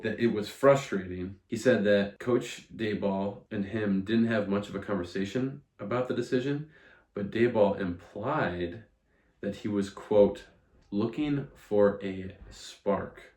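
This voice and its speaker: A young man co-hosting a casual sports podcast, opinionated and animated, who swears freely. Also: fairly low pitch, measured pace. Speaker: podcast co-host. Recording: roomy echo.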